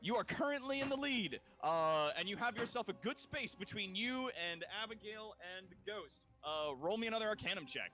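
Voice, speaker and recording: Lively man narrating as game master. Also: high-pitched, moderate pace, hardly any pauses, over music. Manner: loose, chatty narration with many fillers.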